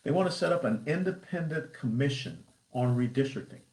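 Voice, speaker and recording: A man's voice: mid-range voice, expressive, fairly quick, a little mellow. A man talks straight to viewers in a political livestream, stacking up punchy lists and rhetorical questions. His voice sits in a middle register. The room around him adds a noticeable echo. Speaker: party chairman. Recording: roomy echo.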